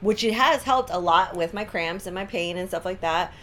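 A woman's voice: fairly low pitch, normal speed, a bit bright, slight background noise. A woman in her thirties co-hosting a casual wellness talk, telling stories animatedly with gasps, laughs and acted-out quotes. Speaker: co-host of a wellness product talk. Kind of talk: casual storytelling chat.

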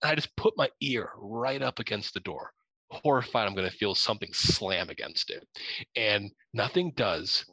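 A young man from Ohio telling a spooky story in a lively way, laughing and acting out his own lines. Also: on the low side, no echo, low-quality recording. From Ohio, USA. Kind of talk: animated storytelling.

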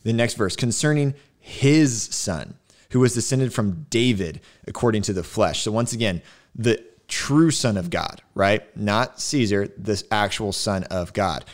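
A man with a fairly low voice leads a casual podcast chat about scripture. His delivery is emphatic, and he keeps asking "right?" as he works through the verses. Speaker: podcast host teaching scripture.

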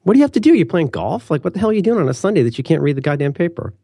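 Male podcast co-host, warm mellow tone, quick rambling banter, dead-dry studio sound. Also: fairly high pitch, slightly rough, no echo. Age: adult with a daughter. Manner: rambling, animated, teasing. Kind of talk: casual chat.

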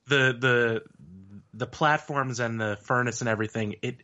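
A man's voice: mid-range voice, steady tone, moderate pace, sharp tone, highs cut off. A man joining a podcast as a guest, speaking casually and hesitantly, often starting with fillers. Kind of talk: casual chat.

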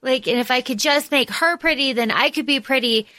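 A woman's voice: high-pitched, fairly quick, bright, forceful tone, no echo. A woman co-hosting a podcast, chatting about a movie in an emotional, gushing way, full of fillers and restarts. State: tearing up. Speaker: podcast co-host. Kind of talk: casual movie discussion.

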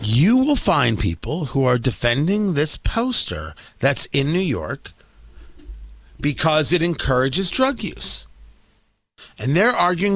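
Male talk host, sarcastic ranter, bright tense tone, dry close sound. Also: on the high side, sing-song, slow, no echo. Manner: sarcastic, ranting, stammers when worked up. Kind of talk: opinion talk show commentary.

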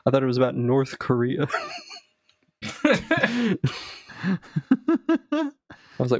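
A man co-hosting a casual podcast, tossing out deadpan and crude one-liners. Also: medium pitch, slow pace, pauses often. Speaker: podcast co-host. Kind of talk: casual chat.

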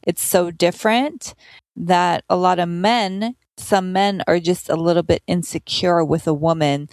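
A woman's voice: fairly low pitch, steady tone, unhurried, darkish tone, no room sound. A woman comedian chatting casually in an interview, filling her talk with "like.". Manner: chatty, lots of "like" fillers. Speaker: comedian guest.

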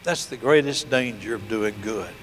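An older man preaching a sermon, telling a story and acting out the voices, slowing down to stress key points. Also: lowish voice, in a large hall, slight background noise. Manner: storytelling preacher, acts out dialogue, slows for emphasis. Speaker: pastor.

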